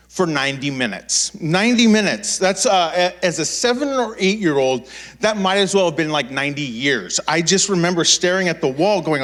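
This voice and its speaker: A man in his thirties preaching in a church, telling a childhood story with lively acted-out voices and frequent restarts. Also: a little high. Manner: animated, acts out quoted voices, many restarts. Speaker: pastor. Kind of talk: storytelling sermon.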